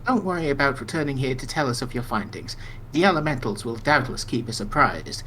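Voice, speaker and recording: A man's voice: mid-range voice, lively intonation, fairly quick, pushed and bright, slight background noise, low-quality recording. A man reading aloud as a solemn, self-assured male seer in a fantasy game, with an improvised put-on accent.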